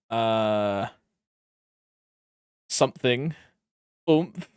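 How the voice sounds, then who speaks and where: A man's voice: a little high, very animated, a little slow, dry recording, clean studio sound. Laid-back joking male game streamer. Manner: joking, loose, swears freely, hums to himself. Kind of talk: casual gameplay chat.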